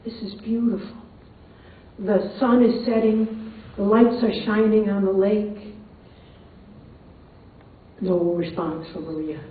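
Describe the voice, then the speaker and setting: A woman's voice: mid-range voice, fairly even intonation, slow pace, long pauses, a little hiss or hum. An older woman telling a personal story to a live audience, chatty and amused, often laughing. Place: performance hall. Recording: tinny, echoey hall, far from mic.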